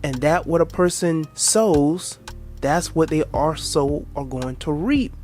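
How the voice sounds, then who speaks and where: Dude preaching at the camera, bit high voice, faint music behind. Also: male voice, animated, slow pace, darkish tone. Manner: lecturing, quotes scripture, crude asides. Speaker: reaction video host. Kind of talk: preachy reaction commentary.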